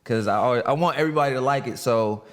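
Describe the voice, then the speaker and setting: A young adult man, a hip hop artist guesting on a chat show, easygoing and agreeable, quick to laugh. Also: mid-range voice. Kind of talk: casual interview chat.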